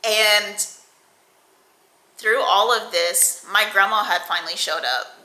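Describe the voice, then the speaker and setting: A young woman vlogger telling a storytime tale, animated and profane, acting out the quoted lines. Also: medium pitch, slow, reverberant, low-quality recording. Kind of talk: storytime vlog.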